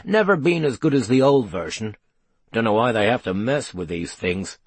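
A man's voice: on the high side, sing-song, measured pace, husky, no echo, heavily acted. A man voicing a chatty, grumbling magical inspector who rambles in a wry, conspiratorial way. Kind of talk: audiobook character voice.

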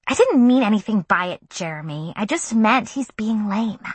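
A woman's voice: mid-range voice, animated, moderate pace, husky, no room sound. A woman voicing a pushy teen girl. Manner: insistent, teasing. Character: pushy bossy teenage girl.

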